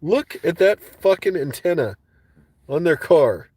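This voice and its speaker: A man ranting on a casual livestream, swearing freely and getting worked up as he talks. His voice sits a bit higher than most men's, and the sound is close and dry with no room echo. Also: very animated, unhurried, a little mellow, husky. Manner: profane, agitated ranting. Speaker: livestream host.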